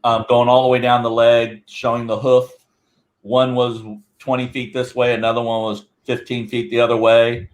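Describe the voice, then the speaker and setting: A man talks as a podcast guest in a loose, rambling way. His voice sits at an everyday middle pitch. He tells his story with lively energy. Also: normal speed. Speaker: guest Bigfoot researcher. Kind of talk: casual podcast chat.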